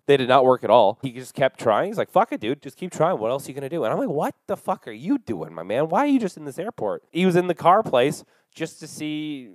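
A young man hosting a podcast, telling a long profane story in a casual, animated way and acting out the dialogue. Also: a little high, brisk, hardly any pauses, no room sound, low-quality recording. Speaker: podcast host.

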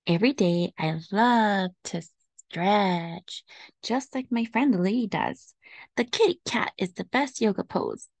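A woman voicing a moody, pampered house cat in a slow storybook reading. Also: mid-range voice, gravelly, dry recording. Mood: gentle. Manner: slow, gentle read-aloud delivery.

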